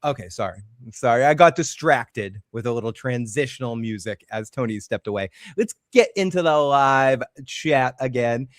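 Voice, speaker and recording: A man's voice: mid-range voice, animated, normal speed, few pauses. A man hosting a call-in livestream after-show, chatting casually and mocking himself. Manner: chatty, self-mocking, frequent restarts. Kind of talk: casual chat with live chat readouts.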